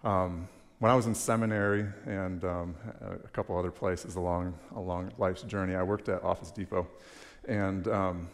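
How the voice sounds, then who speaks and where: A young man preaching a sermon in a relaxed, conversational way, with a touch of dry humor as he reads scripture aloud. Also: low voice, moderate pace. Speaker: pastor. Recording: long reverb of a large hall.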